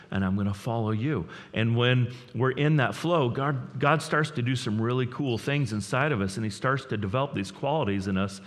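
Energetic male pastor preaching in a reverberant hall. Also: medium pitch. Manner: energetic, builds to excited peaks, repeats words when fired up. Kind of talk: sermon.

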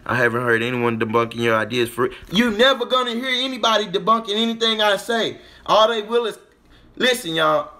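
Pushed and bright, this man's voice sits high as he hosts a casual stream. His monologue rambles, he chats with viewers, and "you get what I'm saying" turns up over and over.

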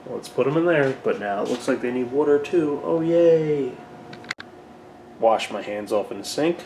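A man's voice: mid-range voice, slight background noise. A young man filming a casual home vlog, a father who rants and swears at his cats in between baby talk. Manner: swearing, exasperated rants at pets. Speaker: vlogger, dad. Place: home, indoors.

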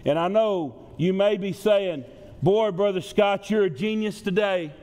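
A male pastor with a high, warm voice preaches unhurriedly in a church sanctuary, talking conversationally and repeating phrases to stress them. The recording carries long reverb from the hall and a little hiss or hum.

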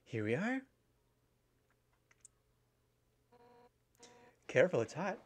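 A man's voice: fairly high pitch, big pitch swings, fast talker, slightly rough, pitched above the performer's own voice. A man voicing a brash fish warrior woman. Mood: gruff hosting. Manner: loud, boastful, blunt. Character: brash fierce female fish warrior captain. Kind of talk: reading game dialogue aloud.

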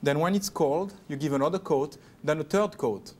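In a TV kitchen studio, a pastry chef in his thirties with a French accent walks through chocolate work step by step, chatting and cracking jokes. His voice is a little high and slightly mellow, at a normal speed.

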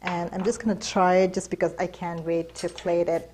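A woman's voice: lowish voice, moderate pace, rough recording. A woman hosting a cooking show, talking casually through a recipe with plenty of fillers. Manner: relaxed, chatty, many fillers. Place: kitchen.

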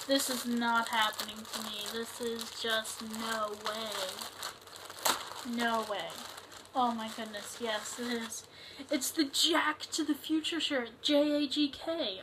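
A young woman with a bright, fairly high voice talks slowly and chattily through an unboxing, gushing over each item with lots of fillers. She sounds like she is recording on a camera mic at home, with faint room noise and the crinkle of packaging in the background. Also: rough recording. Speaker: vlogger. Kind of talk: casual haul unboxing vlog.

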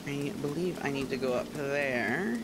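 A man's voice: mid-range voice, a little slow, very noisy. A man streaming a game, joking, swearing and laughing often in casual commentary. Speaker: gaming streamer.

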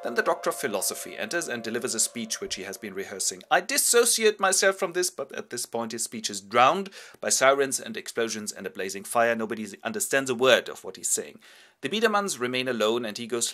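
A man's voice: fairly low pitch, very animated, brisk, a bit bright, faint music behind. A man retelling a stage play with wry, chatty, ironic narration. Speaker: host. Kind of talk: wry theatrical storytelling summary.

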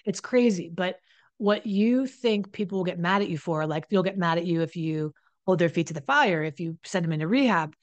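A woman's voice: medium pitch, animated, normal speed, no room sound. A woman recovery coach giving blunt, profane advice straight to the camera, often acting out what other people say. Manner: blunt and profane, acts out quoted voices. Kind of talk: direct-to-camera advice talk.

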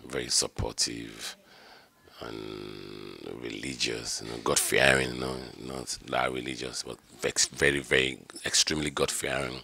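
A man's voice: rumbling low, little pitch movement, a little slow, gravelly, pushed and bright, husky. A middle-aged man, the groom, speaking heartfelt and rambling about his bride in a wedding interview. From Nigeria. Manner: heartfelt, rambling with repeated "you know".

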